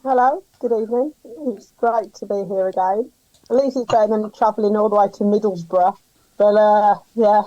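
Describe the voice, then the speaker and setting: Brisk opinionated woman talking football. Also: on the high side, mellow, no room sound, dull audio. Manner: brisk, opinionated, lots of ums. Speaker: podcast panelist giving match feedback. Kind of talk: casual football chat.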